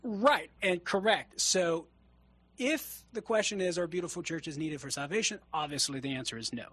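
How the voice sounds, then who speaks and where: A man's voice: a little high, moderate pace, fairly bright tone, husky, no echo. A man who is a guest theologian answering a caller's question on a call-in radio show, in an earnest, explanatory way with rhetorical questions.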